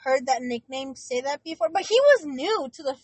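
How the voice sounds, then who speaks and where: A woman's voice: high-pitched, animated, normal speed, dry recording. A young woman co-hosting a podcast, telling a story in rambling casual chat with lots of fillers. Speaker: podcast co-host.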